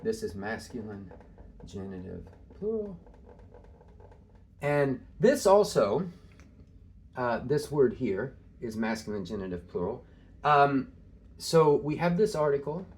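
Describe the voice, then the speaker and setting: A man gives a relaxed, informal screen-share lesson in a middle-pitched voice. He pauses often on filler sounds and slows right down to stress key terms. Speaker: teacher.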